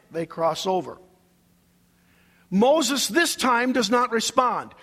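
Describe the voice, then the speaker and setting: A man's voice: very high-pitched, big pitch swings, slow, fairly bright tone, in a large hall. A male pastor preaching a sermon, emphatic and preacherly, leading his congregation in call-and-response.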